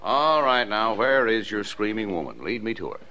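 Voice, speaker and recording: An actor playing a patient small-town father in a 1940s radio play, talking gently and mildly teasing. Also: fairly low pitch, sing-song, normal speed. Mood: fond. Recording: dull, hissy 1940s radio broadcast.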